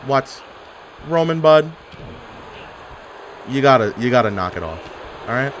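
A young man calls his online wrestling game live, and his pitch swings widely as he reacts. His tone is sarcastic and full of trash talk. There is a faint hum of noise behind him. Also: lively intonation, a little slow. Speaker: gaming YouTuber. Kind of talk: live gameplay commentary.

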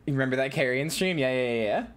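A woman live-streaming in casual chat, excitable and very animated, swearing and repeating herself as she talks. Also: a bass voice, fast talker.

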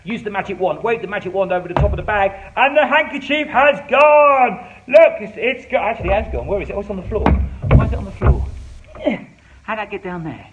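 A man's voice: high voice, lively intonation, fast, highs cut off. A man performing a comic magic show for children, playful and bumbling, talking straight to young viewers. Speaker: children's entertainer. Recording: slightly distant with faint background noise.

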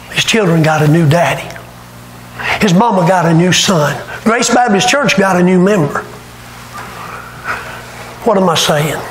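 A man's voice: sits high, slight background noise. A man preaching a revival sermon, telling stories with fervor. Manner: fervent storytelling preacher, rising to shouts. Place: church sanctuary. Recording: echoey church room, faint ambience.

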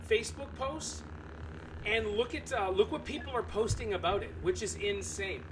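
Against a noisy background, a man hosting a live game stream speaks directly to his chat. He rants and exclaims animatedly, his pitch leaping up and down widely.

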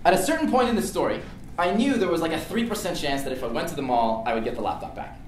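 A young man telling a lively story to an audience in a lecture room, sometimes shouting out the lines he acts out. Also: a little high, unhurried, long pauses, noisy background. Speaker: student speaker. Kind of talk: storytelling talk. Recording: echoey room, distant mic.

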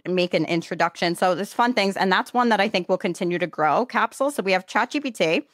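A woman's voice: medium pitch, fast talker, no room sound. Chatty New York woman, dry sound. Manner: chatty, animated, audacious. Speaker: podcast co-host. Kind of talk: casual chat.

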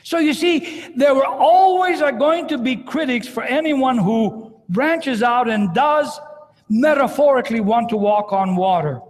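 A man's voice: very high-pitched, measured pace. A priest preaching a dramatic sermon in a large cathedral, acting out scripture as he goes. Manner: dramatic, retells scripture with acted quotes. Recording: long cathedral reverb.

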